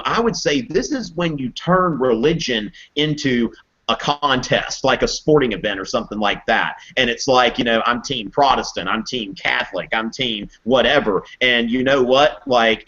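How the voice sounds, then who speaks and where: A man teaching history in a casual live video Q&A, chatty and animated, acting out quotes in playful voices. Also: mid-range voice, moderate pace, lo-fi sound. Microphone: webcam mic on a video call.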